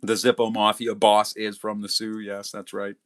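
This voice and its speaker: A man's voice: on the low side, completely flat delivery, normal speed, fairly bright tone. Foul-mouthed, boastful man. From Canada. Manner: profane, boastful and heated, swearing constantly. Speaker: livestream host. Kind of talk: casual livestream chat, reading comments aloud.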